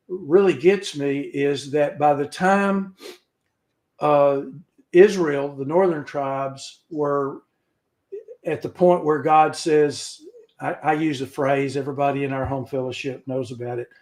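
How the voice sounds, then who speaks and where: A man teaching an informal scripture lesson over a video call, halting and folksy, with joking asides. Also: fairly high pitch, darkish tone. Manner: halting, with frequent restarts. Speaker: Bible study teacher.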